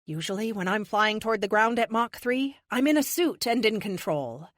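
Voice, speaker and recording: A woman's voice: medium pitch, lively intonation, normal speed, a bit bright, no room sound, clean studio sound. Woman narrating a first-person audiobook. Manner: wry, sarcastic first-person storytelling.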